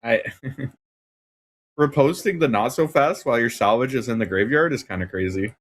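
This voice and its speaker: A man co-casting a card game in casual commentary, excitable and quick to laugh. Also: medium pitch. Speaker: tournament co-caster.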